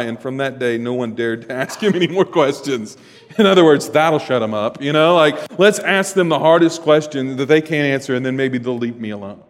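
A man preaching a sermon as a pastor, telling the story in a lively way and acting out the voices of the people in it. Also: fairly high pitch, in a large hall. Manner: animated storytelling, acts out voices.

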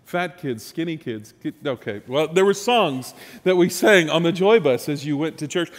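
Pastor preaching in a reverberant church. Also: male voice, a little high, moderate pace. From Texas, USA. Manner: storytelling, animated, with rising emphasis and restarts. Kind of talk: sermon.

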